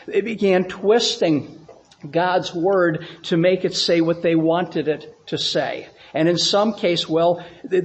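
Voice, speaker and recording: A man's voice: a little high, highs cut off. A male pastor preaching a sermon to his congregation, repeating phrases for emphasis and asking the room questions. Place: church sanctuary with congregation.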